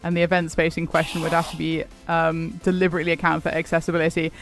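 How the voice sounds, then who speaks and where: High-voiced man chatting on stream. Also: completely flat delivery, fast talker, fairly bright tone. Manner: chatty, rambling, laughs often, answers chat. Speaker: game streamer. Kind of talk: casual live-stream chat while gaming. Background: faint background music.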